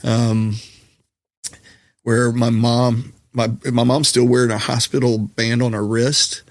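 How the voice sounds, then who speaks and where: A man with a Southern drawl tells long, wandering stories and pokes fun at himself as he goes. His voice is gravelly and sits at an ordinary pitch, with ums and restarts all through. It is recorded close and dry. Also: flat delivery, slow pace, dry recording. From Colorado. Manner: rambling, self-deprecating, joking, many fillers. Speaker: podcast guest, comedian and musician. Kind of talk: casual storytelling chat.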